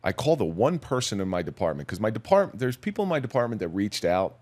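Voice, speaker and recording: Brief: middle-aged man, very low voice, measured and somber storytelling, plain-spoken guest. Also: big pitch swings, darkish tone. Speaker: podcast guest, police officer. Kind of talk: personal storytelling in a podcast interview.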